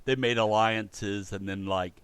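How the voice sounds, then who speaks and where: A man's voice: on the low side, fairly even intonation, measured pace, a bit bright, smooth, dry recording. A man co-hosting a podcast in casual chat, joking with playful asides. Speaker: podcast co-host.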